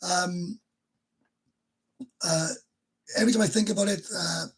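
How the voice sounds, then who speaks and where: A man's voice: sits high, fairly even intonation, measured pace, slightly rough. A Welsh man in his fifties, hosting a casual livestream chat from his bedroom, talking in an emotional, rambling way with laughs between sentences. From Wales. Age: 50s. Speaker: livestream host.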